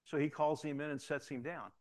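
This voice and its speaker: A man who is both a pastor and a police officer, telling his stories in an animated way, acting out the dialogue and often repeating words as he starts a sentence. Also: on the high side, a little fast. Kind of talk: storytelling testimony.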